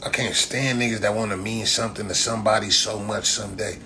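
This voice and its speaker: Cali guy going off on his live, bright edgy voice, a little background hiss. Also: lowish voice, steady tone, fast talker. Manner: loose, profane trash talk, repeats "blood" constantly. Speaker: livestream host. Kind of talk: casual livestream rant.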